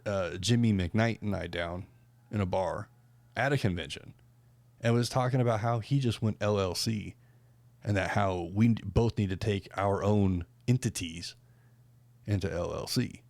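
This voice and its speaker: A man's voice: fairly low pitch, moderate pace, gravelly, a little mellow, no room sound. A man hosting a podcast in casual chat, rambling with lots of fillers and restarts. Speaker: podcast host.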